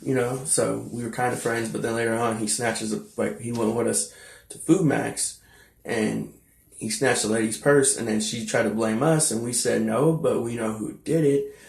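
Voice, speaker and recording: A man's voice: mid-range voice, fairly even intonation, normal speed, gravelly, echoey room. A young man telling a personal story in a rambling, blunt way, with many fillers and asides. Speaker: vlogger telling his life story.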